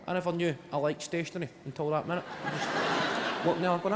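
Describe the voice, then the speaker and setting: A man with a Glaswegian Scottish accent performing a stand-up comedy routine, telling dry stories that break into shouted impressions. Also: a little high, a little fast. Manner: deadpan storytelling that bursts into shouted impressions. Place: large theatre stage. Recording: live theatre with long reverb, audience noise. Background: audience laughter.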